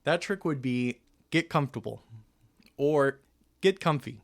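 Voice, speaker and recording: A man's voice: a little high, expressive, a little slow, vocal fry. A young man hosting a casual podcast, rambling and self-deprecating, often laughing at himself. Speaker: podcast host. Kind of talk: casual chat.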